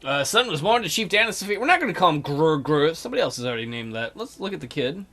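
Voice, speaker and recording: A man's voice: on the high side, big pitch swings, fast, pushed and bright. A man hosting a strategy game let's play with casual, crude, joking commentary.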